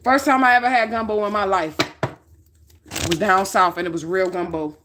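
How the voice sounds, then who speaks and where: A woman's voice: medium pitch, steady tone, moderate pace, background noise. A woman doing a casual tarot reading, talking bluntly with plenty of swearing and often checking in with "okay?". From northern United States. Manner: blunt, profane, checks in with 'okay?'. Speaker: tarot reader.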